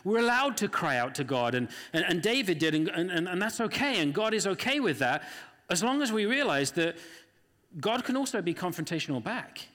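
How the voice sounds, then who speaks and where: A man's voice: high voice, sing-song, normal speed, a bit bright. A man preaching a sermon in an earnest, conversational way, often acting out the voices of the people he quotes. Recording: long hall reverb.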